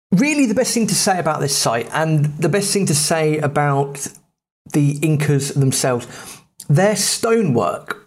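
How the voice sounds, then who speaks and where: An English man, a podcast host, telling travel stories in a casual, rambling way, often stopping to correct himself. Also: mid-range voice. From England. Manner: rambling, self-correcting, chatty.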